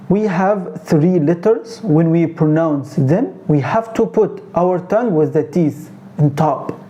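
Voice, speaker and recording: Slow, mellow Egyptian-accented teacher. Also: male voice, on the high side, muffled recording. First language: Arabic. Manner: slow, repetitive drilling of sounds, corrective. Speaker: Arabic teacher. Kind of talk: beginner pronunciation lesson.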